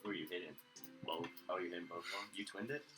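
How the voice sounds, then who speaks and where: A man's voice: sits low, quick pace, music in the background. A man playing a tabletop game, joking and asking lots of questions. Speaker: player. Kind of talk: casual tabletop play.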